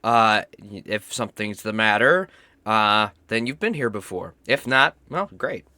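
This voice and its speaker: A young man talks through a stream while sick, his voice hoarse and cracking, with a cough. He rambles, swears and makes fun of himself in a bright, forward tone. The sound is dry and close, like a desk mic. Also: lowish voice, a little slow, dry recording. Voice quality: rough, cracking voice. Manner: rambling, self-mocking, swears often. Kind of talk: casual gaming stream chat.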